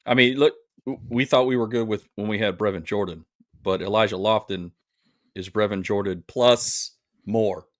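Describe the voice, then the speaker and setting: A man speaking quickly and emphatically as a panelist on a casual sports podcast over a video call. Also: fairly low pitch, no room sound.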